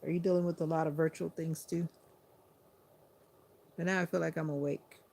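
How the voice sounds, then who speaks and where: A sleepy woman hosting a livestream, chatting to viewers in an unhurried, casual way. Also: deep voice, fairly even intonation, creaky, mellow. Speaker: livestream host.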